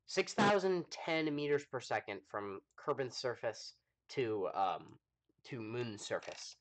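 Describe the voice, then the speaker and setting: A man's voice: mid-range voice, animated, slow pace. A man casually commenting on his gameplay during a live stream, thinking aloud with many ums and answering chat. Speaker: gaming livestreamer.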